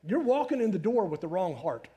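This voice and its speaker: A middle-aged man preaching a sermon in a conversational, animated way, full of rhetorical questions. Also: high voice, fairly quick. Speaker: pastor.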